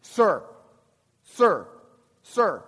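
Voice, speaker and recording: A man's voice: sits high, big pitch swings, extremely slow, fairly bright tone, breathy edge, in a large hall, pitched above the performer's own voice, heavily acted. A man acting out a stern, authoritative police officer who keeps repeating "sir".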